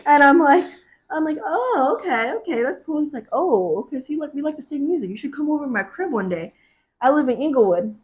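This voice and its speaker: A young woman co-hosting a podcast, telling stories in a lively way, acting out what people said and laughing often. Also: high voice, a little fast. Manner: animated, acts out quotes, laughs often. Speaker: podcast co-host. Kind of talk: casual chat, storytelling.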